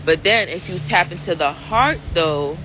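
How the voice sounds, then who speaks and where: Speaking at a normal speed, this animated woman vlogger thinks out loud in a relaxed, reflective monologue. Her fairly low voice is full of fillers and "right?" check-ins, with background noise behind her.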